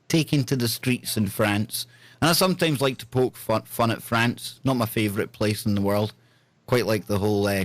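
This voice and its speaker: A man's voice: medium pitch, no echo. A man hosting a talk show, reading news stories with joking, sarcastic asides. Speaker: podcast host. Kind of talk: casual news chat.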